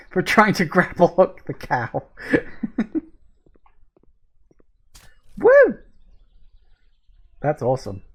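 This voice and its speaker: A woman hosting a gaming video, giving casual let's-play commentary, easily excited, quick to laugh and swear, and reading game prompts aloud. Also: a bass voice.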